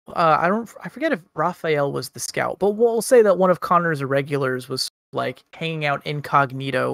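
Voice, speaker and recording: A man narrating as game master of a tabletop role-playing game, relaxed, with frequent ums. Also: fairly high pitch, gravelly, no room sound, studio quality.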